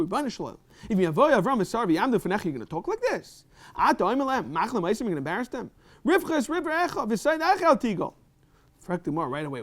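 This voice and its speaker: A man giving a fast Talmud class in a synagogue, reading Hebrew and Aramaic quotes and explaining them in English. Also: high voice. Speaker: rabbi teaching Talmud. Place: synagogue study hall.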